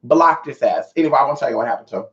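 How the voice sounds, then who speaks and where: A young woman vlogger telling a profane, animated storytime monologue straight to her viewers. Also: a bass voice, rapid-fire. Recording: roomy, slightly dull audio.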